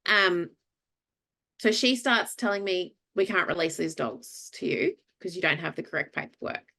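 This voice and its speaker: Australian woman, podcast co-host, animated anecdote teller, slightly low voice. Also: moderate pace. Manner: animated storyteller, acts out quoted voices, many fillers. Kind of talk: casual storytelling chat.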